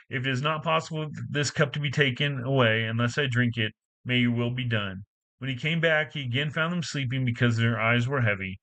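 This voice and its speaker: Man reading scripture aloud, halting. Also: medium pitch, a bit bright, low-quality recording. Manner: halting reading with frequent stumbles and self-corrections. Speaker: Bible reader.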